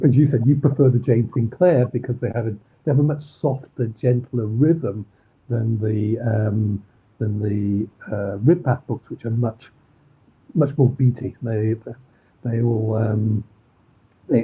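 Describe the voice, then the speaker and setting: Middle-aged Manchester man, interview guest, husky and rambling, tinny video-call line. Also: lowish voice, fairly even intonation, a little slow. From Manchester, England. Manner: rambling, many ums and restarts. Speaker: crime novelist guest. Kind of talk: casual interview chat.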